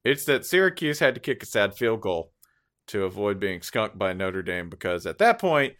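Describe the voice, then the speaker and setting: A man's voice: fairly low pitch, big pitch swings, normal speed, a bit bright. A man co-hosting a sports podcast, joking in casual banter and laughing often. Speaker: podcast co-host.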